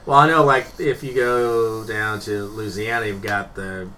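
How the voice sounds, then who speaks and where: A man co-hosting a casual podcast chat, laughing often and talking with lively pitch jumps. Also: measured pace. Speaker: podcast co-host. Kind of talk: casual banter. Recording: distant mic with faint noise.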